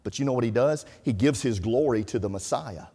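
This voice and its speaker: A man's voice: mid-range voice, expressive, fairly quick, warm tone, slightly rough. A man preaching a sermon, telling folksy stories and quoting scripture. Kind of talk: sermon storytelling. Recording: reverberant hall.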